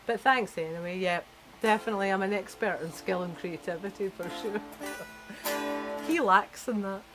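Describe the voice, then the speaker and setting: Scottish woman guest, mid pitch, giggly and teasing, soft guitar underneath. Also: normal speed, low-quality recording. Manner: giggly, self-conscious, teasing. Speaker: stream guest. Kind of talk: casual chat.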